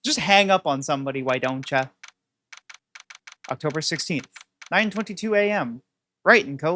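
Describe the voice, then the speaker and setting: A woman's voice: low voice, lively intonation, normal speed, pauses often, bright, forceful tone. A woman streamer giving casual game commentary with wry, chatty, sarcastic asides. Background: faint game music.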